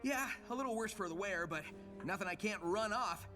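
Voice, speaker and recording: An actor playing Sonic, a cocky young male hedgehog hero in a cartoon, brisk and confident. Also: high voice, pushed and bright, faint music behind. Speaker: cartoon character played on stream.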